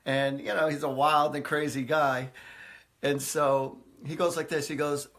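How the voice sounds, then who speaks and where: A man's voice: on the high side, level tone, measured pace, a bit bright. A man hosting a live stream as a psychic, telling stories in a chatty way with many fillers, often laughing. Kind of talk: casual live-stream storytelling. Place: indoors, live video stream.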